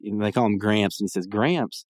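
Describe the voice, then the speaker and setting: A man's voice: fairly low pitch, completely flat delivery, fast, darkish tone, no echo, studio quality. A man hosting a podcast, recapping a cartoon episode in casual, rambling talk full of fillers and opinionated asides. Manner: rambling and digressive, many fillers. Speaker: podcast host.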